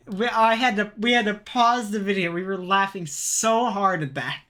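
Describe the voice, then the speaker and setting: A man's voice: high-pitched, normal speed, sharp tone. A man co-hosting a podcast in casual chat, telling stories in a rambling way with lots of fillers and laughter. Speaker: podcast co-host.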